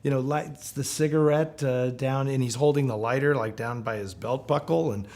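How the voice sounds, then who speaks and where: A film historian in a documentary interview, an animated storyteller who acts out quotes. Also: male voice, mid-range voice, normal speed.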